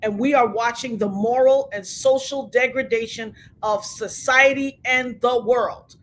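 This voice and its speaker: A woman livestream host in an angry rant, shouting, repeating herself and near tears with rage. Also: fairly high pitch, unhurried, a little hiss or hum. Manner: furious, shouting, repetitive.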